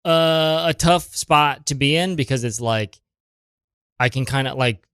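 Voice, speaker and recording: A man's voice: mid-range voice, a little slow, fairly bright tone, smooth, no room sound, studio quality. A man, an improv comedian, chatting casually on a podcast with a loose, rambling manner. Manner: loose, rambling, lots of fillers. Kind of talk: improvised scene and casual chat.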